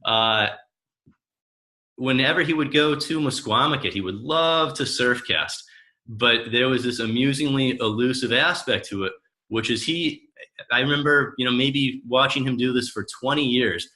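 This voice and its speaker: A man's voice: mid-range voice, normal speed. A man in his thirties, a coach, telling family stories and acting out the voices of the people in them. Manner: animated storyteller who acts out the voices of the people in his stories. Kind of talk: personal storytelling talk.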